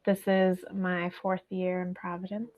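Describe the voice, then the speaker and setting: A woman, an elementary school teacher, introducing herself on a podcast over a video call in a measured, orderly way. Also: on the low side, completely flat delivery. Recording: dull lo-fi call audio.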